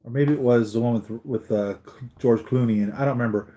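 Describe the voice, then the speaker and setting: A man's voice: mid-range voice, fairly quick, mellow. A man hosting a live collectibles stream, chatting casually with viewers, tired after a sleepless night and rambling with many restarts.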